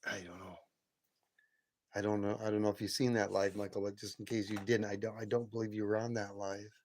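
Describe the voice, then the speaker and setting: A man's voice: on the low side, level tone, fairly quick, a little mellow. A man hosting a late-night live stream from home, chatting casually with viewers in a rambling way and often chuckling.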